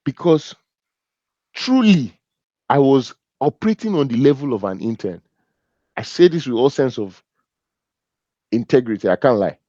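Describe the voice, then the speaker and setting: A man with a Nigerian accent giving a humorous, animated business talk, joking and teasing as he tells stories. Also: medium pitch, normal speed, pauses often, no room sound, dull audio. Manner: animated and joking, laughs at his own stories. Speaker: business speaker.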